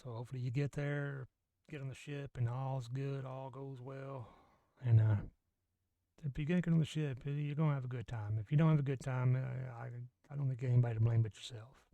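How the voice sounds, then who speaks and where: A man's voice: medium pitch, fairly even intonation, a little fast, dark tone, dry recording. A man hosting his own vlog, chatting casually and rambling with many fillers. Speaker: vlog host. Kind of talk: casual chat.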